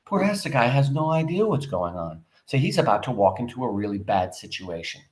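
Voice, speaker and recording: A man's voice: medium pitch, brisk, reverberant. Male teacher explaining a play to his class. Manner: animated, talks straight to the class. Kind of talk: reading a play aloud and explaining it to students.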